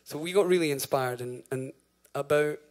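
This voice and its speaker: A man's voice: on the high side, normal speed. A man in his thirties fronting a band on stage, telling a rambling, swear-laced story between songs with lots of fillers and laughs. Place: live concert venue.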